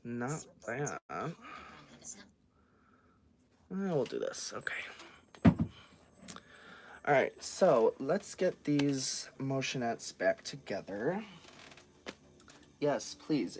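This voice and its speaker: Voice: mid-range voice, very animated, slow, pauses often, soft background music. A vlogger chatting casually on a livestream while customizing dolls, playfully scolding a cat.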